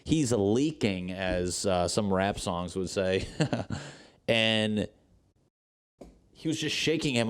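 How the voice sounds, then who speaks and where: A young man with a lowish voice tells a story on his podcast, rambling and swearing freely. He slips into the voices of the people in the story as he goes. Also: clear, resonant tone. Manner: profane, rambling, acts out quotes. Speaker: podcast host. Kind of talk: casual storytelling monologue.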